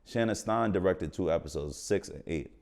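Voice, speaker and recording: Deep-voiced with vocal fry, a slangy New Yorker who acts talks at a normal speed as a podcast guest. He tells stories casually and animatedly, performing the voices of the people he quotes.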